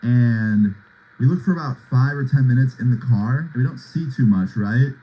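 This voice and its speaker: A man's voice: mid-range voice, moderate pace, warm tone, breathy edge, poor audio. A young man in his twenties telling a story on a livestream in laid-back, slangy talk full of "like" and "bro". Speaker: livestream host.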